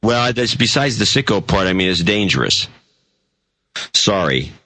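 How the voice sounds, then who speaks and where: A man's voice: on the low side, sing-song, normal speed, bright, forceful tone, no room sound. A man from the United States co-hosting a casual chat, rambling with many restarts and fillers, over an internet call. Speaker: podcast co-host.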